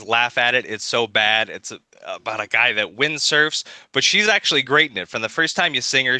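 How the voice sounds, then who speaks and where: Sharp, dry-sounding man rebutting. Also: medium pitch, dry recording. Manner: combative, rebuts firmly. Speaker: podcast debater. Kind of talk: casual debate chat.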